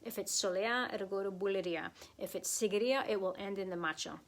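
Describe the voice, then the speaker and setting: A woman's voice: mid-range voice, fast. Brief: a woman, flamenco teacher on a live stream, chatty, encouraging, loose with fillers.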